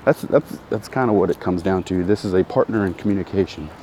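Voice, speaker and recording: A man's voice: low voice, fast, warm tone. A middle-aged man hosting a podcast while walking outdoors, rambling and correcting himself, greeting passersby. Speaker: podcast host. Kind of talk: casual walking podcast monologue. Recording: outdoor street noise. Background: traffic and street sounds.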